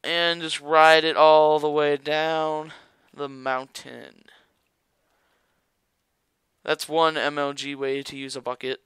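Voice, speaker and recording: A young man chats loosely over his gameplay, rambling and cracking jokes at his viewers. His voice is bright, crisp and very clear, set a touch high for a man. It sits close and dry on the mic, with no room sound. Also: little pitch movement, slow, long pauses, no echo. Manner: rambling, jokey, talks to viewers. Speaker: gaming YouTuber. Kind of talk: casual gameplay commentary.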